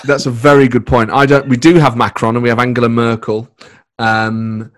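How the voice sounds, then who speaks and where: A man in casual interview chat, recorded on a laptop microphone in his spare room at home. He rambles, restarts his sentences and slips into quick put-on voices. The sound is very dry and close, with a middle-pitched voice. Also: level tone, no room sound. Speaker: comedy writer and voice performer.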